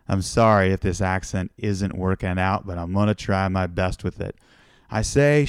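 A man's voice: on the low side, normal speed, darkish tone, smooth, no room sound, studio quality. A man from the United States hosting a podcast, telling a personal story in a reflective, conversational way. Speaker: podcast host.

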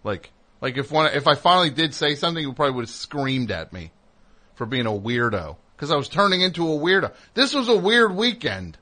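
Casual host, male, animated storyteller who acts out other voices. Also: on the high side, fairly quick. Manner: animated storyteller, mimics people in raised voices. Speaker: comedy radio host.

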